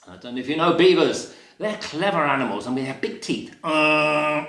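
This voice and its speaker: A man telling a picture-book story to young children in a playful, animated way, with sound effects and asides to the listeners. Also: medium pitch, fast talker, roomy sound. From England. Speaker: library storyteller.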